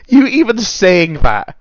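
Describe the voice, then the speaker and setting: A man's voice: high voice, dull audio. A man streaming and chatting casually, teasing and laughing defensively during an argument.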